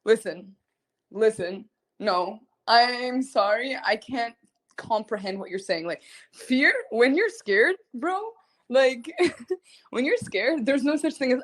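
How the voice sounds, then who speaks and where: A woman's voice: fairly high pitch, takes it slowly. Chatty young woman telling a story. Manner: chatty and animated, fills with "like" constantly, laughs between phrases. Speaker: singer chatting with fans. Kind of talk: casual storytelling on a livestream.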